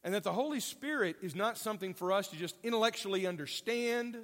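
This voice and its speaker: Male pastor, sermon, animated and folksy, lively pitch, echoing hall. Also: quick pace. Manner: animated, folksy and self-deprecating with jokes.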